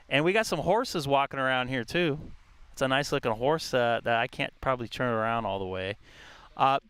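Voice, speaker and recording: A man's voice: on the high side, sharp tone, smooth, dry recording. Chatty man rambling on a live stream. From California. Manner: rambling, chatty, lots of fillers. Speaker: ham radio live streamer. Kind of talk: casual live stream chat. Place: outdoors in a park.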